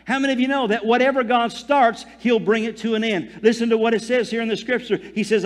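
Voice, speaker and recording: High-voiced man preaching in a reverberant church. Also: fairly even intonation, fast talker, few pauses. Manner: fervent preaching, dwells on phrases and calls for amen. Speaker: pastor. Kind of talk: sermon. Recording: long hall reverb.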